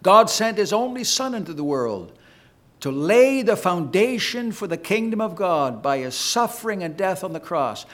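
A man preaching a sermon to his congregation, with an emphatic, deliberate cadence. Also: very animated. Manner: emphatic, slow preaching cadence with sweeping pitch. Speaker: pastor.

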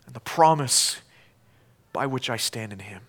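A man preaching a sermon as pastor, emphatic, swinging between loud declarations and hushed lines. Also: medium pitch, lively intonation, measured pace, long pauses.

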